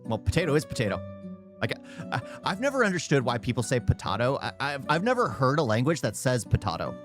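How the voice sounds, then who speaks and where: A man chats casually over a video he is reacting to. He stumbles, restarts and says the same phrase twice, at a middling pitch, with faint music in the background. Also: very animated. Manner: halting, repeats himself, frequent restarts. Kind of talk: casual commentary.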